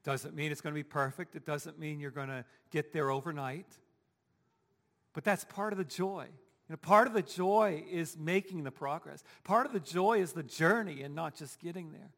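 Gravelly-voiced pastor preaching in a hall. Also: male voice, on the high side, moderate pace, fairly bright tone. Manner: conversational preaching, rhetorical questions to the congregation. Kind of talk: sermon. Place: church sanctuary.

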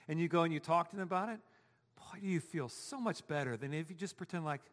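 A fast-talking pastor with a fairly high pitch and fairly bright tone preaches in a church sanctuary with a big-room sound. He addresses the congregation in a conversational way, putting rhetorical questions to them.

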